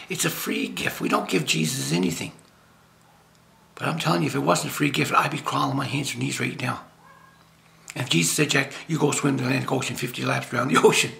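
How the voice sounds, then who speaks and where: An older man with a gravelly, rough-edged voice gives a rambling spiritual talk. He jokes and restarts often as he preaches in a loose, homespun way. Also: mid-range voice, fairly quick, bright, forceful tone. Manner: rambling, jokey, with frequent laughs and restarts. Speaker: lay preacher.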